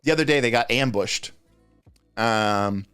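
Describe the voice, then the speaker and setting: A man with a medium-pitched, slightly slow, somewhat bright and smooth voice hosts a livestream, answering game master questions. He chats casually and rambles, often cutting himself off mid-thought. The recording is dry, with soft music in the background.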